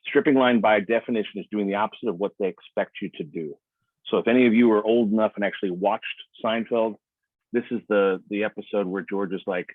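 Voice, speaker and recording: A man as a sales trainer teaching on a video call, animated, acting out customer dialogue. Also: lowish voice, a little fast, dry recording. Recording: tinny phone-like line.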